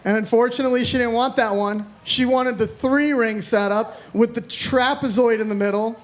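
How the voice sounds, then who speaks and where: A man's voice: extremely high pitch, fairly even intonation, moderate pace. A man in his thirties from Florida doing a rambling, self-deprecating stand-up set, swearing freely. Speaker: stand-up comedian.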